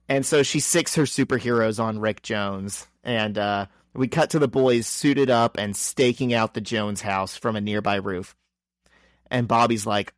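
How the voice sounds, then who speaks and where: A man's voice: lowish voice, no echo. Wry man recapping comics, dry mic. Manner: wry, joking summary with quick voices for characters. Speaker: podcast co-host. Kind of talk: casual chat recapping a comic.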